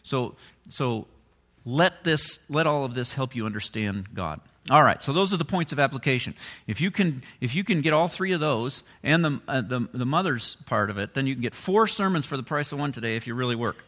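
A man preaching a sermon as a pastor, talking conversationally and swinging from quiet asides to emphatic, rising points. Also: medium pitch, animated, brisk, long reverb tail.

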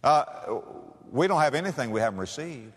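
A man preaches with theatrical swings, climbing high and loud, then dropping to a near hush. His pitch rolls animatedly as he stretches out the words he wants to land. The sound rings with the long reverb of a large hall. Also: very animated, breathy edge. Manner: dramatic, with big swings between soaring and hushed phrases; slow, drawn-out emphasis on key words. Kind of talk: sermon.

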